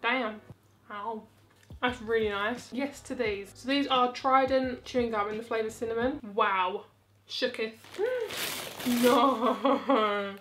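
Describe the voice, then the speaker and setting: A woman's voice: fairly high pitch, steady tone, measured pace, fairly bright tone, a little hiss or hum. A British woman from the UK gushing as she unboxes gifts in a casual vlog. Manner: gushing, exclamatory. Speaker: vlogger.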